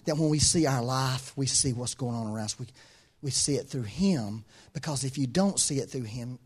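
A man preaching a sermon in an animated, conversational way, often chuckling between points. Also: medium pitch, slightly rough.

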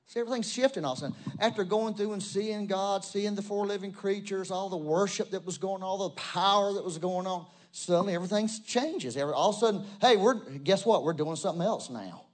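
A man preaching with a drawl. His voice sits a bit high for a man. He talks right to the congregation, shifting from loud emphatic bursts to quiet low asides. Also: fast talker, hardly any pauses. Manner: conversational, addresses congregation directly. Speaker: pastor. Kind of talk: sermon.

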